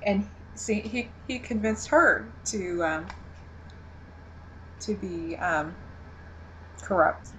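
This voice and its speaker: A woman's voice: mid-range voice, a bit bright, a little hiss or hum, low-quality recording. Giggly woman co-hosting a TV recap. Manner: giggly, halting, many ums and restarts. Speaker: podcast co-host. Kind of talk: casual TV recap chat.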